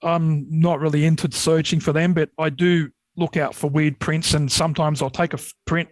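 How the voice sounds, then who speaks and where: Australian man, casual rambling yarns, slightly high voice, dry studio mic. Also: normal speed, no echo, poor audio. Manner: rambling, animated when retelling scares. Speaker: podcast guest, Yowie researcher. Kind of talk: casual storytelling.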